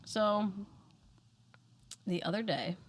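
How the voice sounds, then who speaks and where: A woman's voice: medium pitch, slow pace, slight background noise. A woman in her thirties, co-hosting a podcast, telling a family story in casual chat and laughing often. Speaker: podcast co-host.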